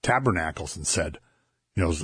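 A man chatting casually about scripture on a talk show, relaxed and chuckling as he tells stories. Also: low-pitched, moderate pace, slightly rough, no room sound, studio quality. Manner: conversational, chuckling, relaxed storytelling. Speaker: co-host discussing scripture. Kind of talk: casual Bible discussion.

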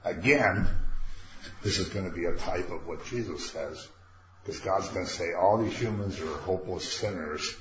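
An older man leading an informal Bible study, talking conversationally and turning animated when he quotes God. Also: low voice, normal speed, reverberant. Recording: dull lo-fi recording with faint noise.

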